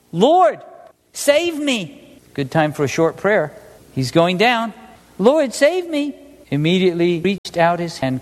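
A male pastor with a high-sitting voice delivers a sermon in an animated, conversational style, often putting questions to the congregation. The sound is that of a big room.

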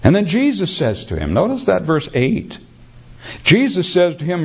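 A man preaching a sermon as a pastor, addressing the congregation as beloved in an animated preaching manner. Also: sits high, moderate pace, creaky, slightly rough, lo-fi sound.

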